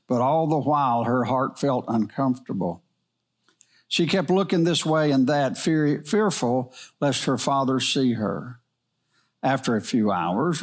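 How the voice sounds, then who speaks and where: A middle-aged man reads a moral story aloud, gentle and earnest. His pitch sits in an ordinary middle range for a man, and he reads steadily with the odd small slip.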